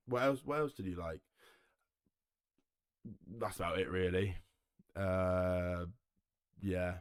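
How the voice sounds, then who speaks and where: Speaking slowly with long pauses, this young podcast host has a low, clear, resonant voice. He's from Herefordshire in England and runs his solo show from a home recording setup, joking around, laughing and swearing a lot. There's no room sound, and the audio is clean, like a studio.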